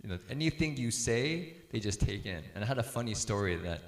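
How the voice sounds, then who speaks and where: A man's voice: mid-range voice, sing-song, brisk, roomy sound. A middle-aged man speaking casually to a group about parenting, telling stories and laughing easily as he acts out quotes.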